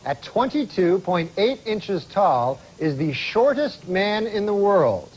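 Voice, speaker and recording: A man reading a scripted comedy news item as a parody anchor, with slow, deliberate timing. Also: sits high, big pitch swings, a little hiss or hum, low-quality recording. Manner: slow, deliberate joke delivery.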